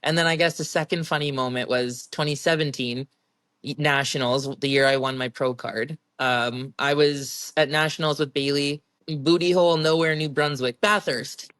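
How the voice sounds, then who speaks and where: Young woman guest chatting away, giggly and animated, dry close sound. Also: low-pitched, normal speed, no echo. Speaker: professional strongwoman guest. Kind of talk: casual interview storytelling.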